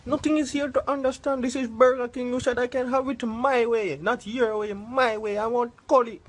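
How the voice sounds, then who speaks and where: A man's voice: extremely high pitch, little pitch movement, moderate pace. A man playing an irate male customer who demands curry and rants indignantly. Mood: angry. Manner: shouting, indignant.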